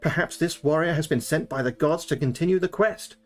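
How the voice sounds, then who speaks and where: A man's voice: on the high side, a little fast, soft background music, lightly acted. A man voicing an earnest, urgent wizard in a gamebook read-aloud.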